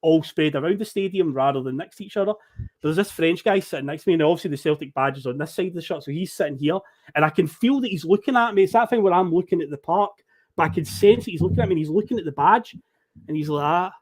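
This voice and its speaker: A man on a podcast, telling a lively story, acting out the people he met and swearing casually. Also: on the high side, fast talker. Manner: animated storyteller who acts out quoted people, swears casually.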